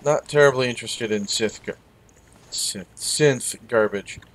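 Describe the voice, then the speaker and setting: A man's voice: mid-range voice, unhurried, fairly bright tone. A man hosting a let's-play, chatting with wry asides and answering the game characters. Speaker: gaming video host. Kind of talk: casual let's-play commentary.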